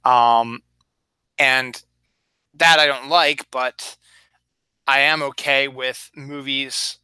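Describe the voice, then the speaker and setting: Bright, crisp-voiced rambling man. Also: mid-range voice, fairly even intonation, very slow, no room sound. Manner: rambling, chatty, acts out little quoted asides. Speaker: podcast host. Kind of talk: casual solo chat.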